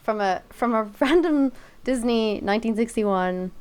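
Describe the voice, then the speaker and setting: A woman's voice: fairly high pitch, animated, measured pace, a little mellow, clear, resonant tone. A woman co-hosting a casual chat, talking thoughtfully and rambling with many fillers. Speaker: co-host.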